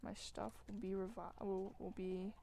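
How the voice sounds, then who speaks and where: A woman hosting a gaming video, chatting casually as she plays. She mocks herself and breaks into loud, excited exclamations. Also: medium pitch, measured pace, gravelly, slight background noise. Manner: excitable, self-mocking, bursts into loud exclamations. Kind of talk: casual gameplay commentary. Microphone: desk microphone while gaming.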